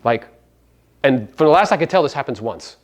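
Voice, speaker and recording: A man's voice: mid-range voice, lively intonation, moderate pace. A middle-aged man giving a brash, profane seminar talk, firing rhetorical questions at his audience. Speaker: real estate business owner giving a media talk.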